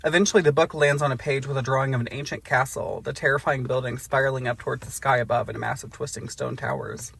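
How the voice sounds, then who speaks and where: A man's voice: medium pitch, fairly even intonation, quick pace, vocal fry, few pauses, a bit bright, slight background noise. A man co-hosting a podcast, reading a book aloud for comedy with joking asides. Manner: joking asides, breaks into laughter. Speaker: podcast co-host.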